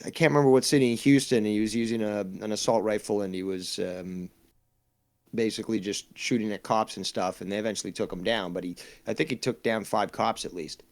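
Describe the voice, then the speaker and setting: A man on a talk show, rambling and hesitant, his voice dropping quietly as he goes on. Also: on the low side, fairly even intonation, brisk. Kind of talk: casual talk show banter.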